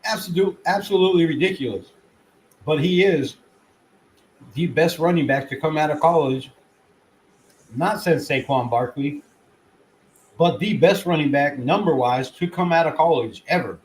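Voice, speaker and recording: A man runs his own fan channel and talks football in a rambling, excitable way, swearing freely and now and then chewing as he talks. His voice sits a little high for a man. A faint hiss runs under the home recording. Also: normal speed, long pauses, poor audio. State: chewing food. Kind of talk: casual sports commentary.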